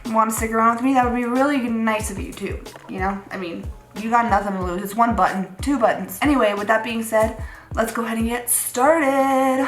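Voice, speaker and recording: A young woman talks through her makeup in a rambling, offhand way, dropping casual swears. Her voice sits a little high. The room has a noticeable echo, with faint music underneath. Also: moderate pace, fairly bright tone. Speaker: beauty vlogger. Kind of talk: casual chat while doing makeup. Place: room at home, seated at a makeup chair. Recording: roomy echo.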